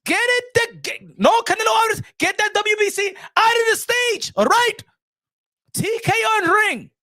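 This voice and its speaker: Cast a man doing a shouting, high-pitched promoter mogul, domineering. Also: normal speed, full character voice. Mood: bossy shouting. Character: brash bossy boxing mogul man, loud and domineering.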